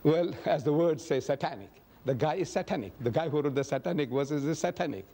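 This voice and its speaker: A man's voice: on the high side, lively intonation, brisk, dark tone, a little hiss or hum. Emphatic man lecturing. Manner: emphatic storyteller who acts out quoted dialogue. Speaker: lecturer answering audience questions. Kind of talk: public lecture Q&A.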